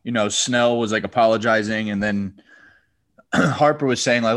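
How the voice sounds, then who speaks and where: A man co-hosting a podcast, chatting in a relaxed way and filling his sentences with "like.". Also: fairly low pitch, brisk. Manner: relaxed, heavy use of "like". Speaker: podcast co-host. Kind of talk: casual chat.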